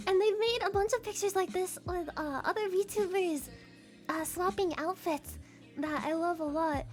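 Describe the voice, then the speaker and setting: A woman streamer chatting casually to her live audience, giggling often, rambling and swearing freely. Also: very high-pitched.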